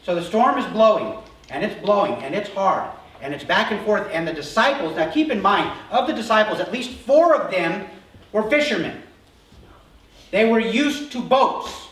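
A male pastor preaching a sermon, telling the story with animated energy and acting out voices before settling into calm, earnest teaching. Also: high voice, moderate pace. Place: church sanctuary. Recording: roomy hall from a distance.

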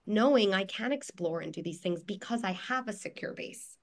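A woman's voice: medium pitch, animated, moderate pace. A woman psychologist giving earnest, reassuring parenting advice on a video call, with frequent restarts and filler words.

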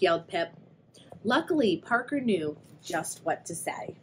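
A woman's voice: lowish voice, big pitch swings, a little slow, slight background noise, poor audio. A young adult woman, a children's librarian, reading a picture book aloud and asking the young listeners questions. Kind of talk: read-aloud storytime for kids.

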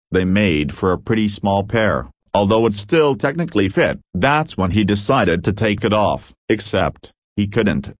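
A man reading a story aloud at a steady, even clip. His voice sits a little low, and the recording is dry and close with no room sound. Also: no echo. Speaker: story narrator.

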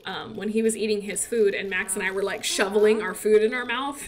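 A woman's voice: medium pitch, fairly even intonation, brisk. A young woman in her twenties chatting casually while she plays, rambling about her son and laughing often. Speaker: gaming streamer and mother. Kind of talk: casual chat while playing.

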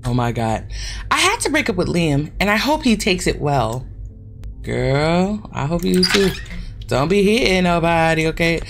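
A woman's voice: fairly low pitch, big pitch swings, unhurried, gravelly, faint music behind. A woman hosting a gaming channel, chatting casually and swearing freely as she plays a horror game and talks straight to her viewers.

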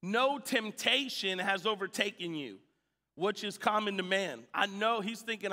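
Animated man preaching in a reverberant church. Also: high-pitched, a little slow. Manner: animated storytelling, shouting at peaks. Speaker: pastor. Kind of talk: sermon. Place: church sanctuary.

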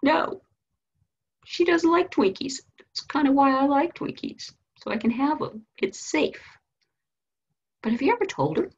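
A woman voicing a high, upset little boy. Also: animated, a little slow, dull audio. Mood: protesting. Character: upset young boy, excitable and tearful.

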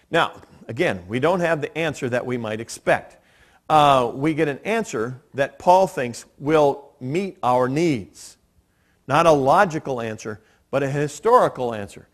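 A man preaching from a church pulpit in an earnest, steady teaching tone, his voice sitting at an ordinary middle pitch. He works through his points patiently and lets a little dry, self-deprecating humor slip in. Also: a little slow. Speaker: pastor. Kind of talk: sermon. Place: church sanctuary.

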